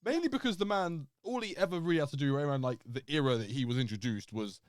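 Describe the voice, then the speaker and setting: Man, casual podcast chat, animated and swearing, lively up-and-down pitch, dry close sound. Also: fast talker, no echo. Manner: animated, laughs often, swears, acts out quotes. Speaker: podcast co-host.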